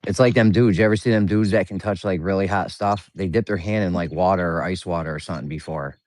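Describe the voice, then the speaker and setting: Deep-voiced joking man on a call. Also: fast, darkish tone, no echo, studio quality. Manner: joking, argumentative banter. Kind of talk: casual chat on a voice call.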